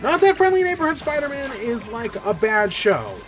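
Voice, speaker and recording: A man's voice: extremely high pitch, normal speed, faint music behind. A man hosting a podcast, enthusiastically recapping a cartoon episode in a rambling, casual way with frequent fillers and swearing. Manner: excited, rambling, swears freely. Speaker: podcast host.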